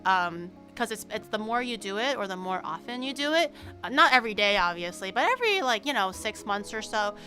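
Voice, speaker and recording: A woman streamer chatting casually and telling stories in an animated way, laughing often. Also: medium pitch, fairly quick, soft background music. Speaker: VTuber streamer.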